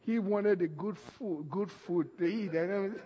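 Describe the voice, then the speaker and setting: A high-voiced man preaching a sermon, telling his stories with animated energy and frequent laughter. His voice carries a long reverb, as in a large hall. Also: moderate pace, slight background noise. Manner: animated storytelling, laughs often, acts out voices. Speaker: pastor.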